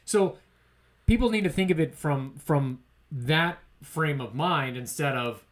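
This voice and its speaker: A man's voice: a little high, a little slow. A man co-hosting a podcast, ranting emphatically in casual political chat. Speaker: podcast co-host.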